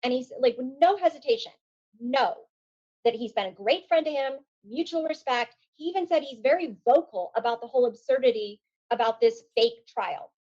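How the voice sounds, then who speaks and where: A woman's voice: high-pitched, lively intonation, brisk, hardly any pauses, darkish tone, dull audio. A woman panelist giving political commentary on a group call, analytical and recounting quotes with frequent fillers. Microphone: online call mic.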